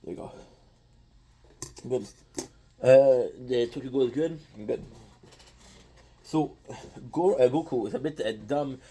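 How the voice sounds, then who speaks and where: A man's voice: medium pitch, measured pace, long pauses, dark tone, slight background noise, low-quality recording. A man casually retelling an anime story, with lots of restarts and offhand swearing. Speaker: anime commentator.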